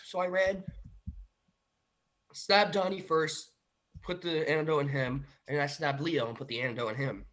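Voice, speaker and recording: A man's voice: fairly high pitch, moderate pace, a bit bright, slight background noise. A man hosting a podcast, casually and animatedly retelling a dream to his viewers and often saying "literally" and "guys". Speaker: podcast host.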